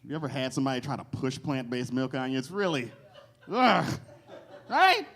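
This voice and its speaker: A man doing a stand-up comedy set in a cafe, animated, jumping into loud character voices. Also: mid-range voice, fast talker, a little hiss or hum. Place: cafe stage with live audience.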